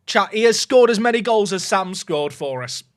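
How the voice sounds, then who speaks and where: A young man streaming a football management game, talking to his chat in an excitable, jokey way that swings from loud cheering to muttered asides. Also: sits high, normal speed, no echo, clean studio sound. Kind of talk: live gameplay commentary to chat.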